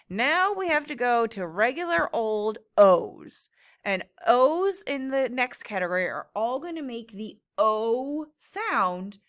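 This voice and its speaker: A woman teacher leading a phonics lesson for young children, slowly and patiently sounding out each word. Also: mid-range voice, a bit bright. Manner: slow, patient, clearly sounding out words.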